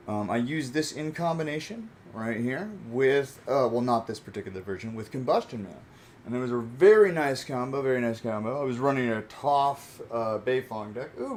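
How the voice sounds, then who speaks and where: A man's voice: mid-range voice, slight background noise. A man hosting his own channel, chatting casually as he opens trading card packs and repeats his reactions. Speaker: channel host. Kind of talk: casual card-opening chat.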